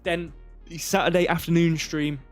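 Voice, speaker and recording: Man, slightly high voice, casual rambling livestream commentary, faint music behind. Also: level tone, normal speed. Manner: rambling, filler-heavy, thinking aloud. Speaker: crypto livestream host. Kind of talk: casual live chart commentary.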